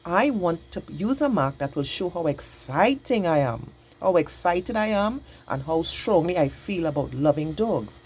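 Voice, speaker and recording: Slow, husky-voiced woman teacher. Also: lowish voice, animated, darkish tone. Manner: slow, patient, exaggerated for young learners. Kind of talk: children's grammar lesson.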